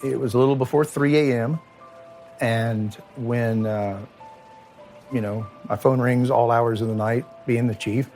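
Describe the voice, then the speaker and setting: Middle-aged man from Kentucky, ex-police chief, halting emotional interview delivery, soft music under it. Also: mid-range voice, fairly even intonation. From Kentucky, USA. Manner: plain-spoken, halting, emotional. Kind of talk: interview recollection.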